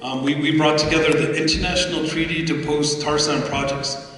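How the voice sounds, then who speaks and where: Bright-voiced man telling stories to a hall. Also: fairly high pitch, fairly even intonation, fairly quick. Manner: anecdotal, humorous, retells conversations in dialogue. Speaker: speaker at a community assembly. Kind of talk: storytelling speech to an audience. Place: large hall. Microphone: far room microphone. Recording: echoey hall from far off, faint crowd and noise.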